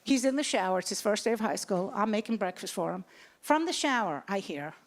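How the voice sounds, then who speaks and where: A woman's voice: mid-range voice, fairly quick. A woman in her sixties doing a stand-up comedy set, telling stories animatedly and voicing the people in them. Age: 60s. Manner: animated storytelling with voiced characters. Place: comedy club stage. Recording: live club recording with background noise.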